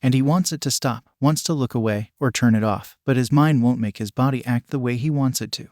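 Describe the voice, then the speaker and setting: A man narrating a fan fiction story in a measured, descriptive way. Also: mid-range voice, darkish tone, no room sound, clean studio sound.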